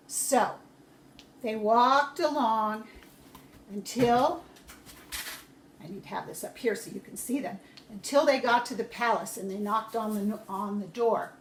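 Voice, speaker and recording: Woman teacher, storytelling for young children, high voice, slow gentle pace, echoey room. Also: a little hiss or hum.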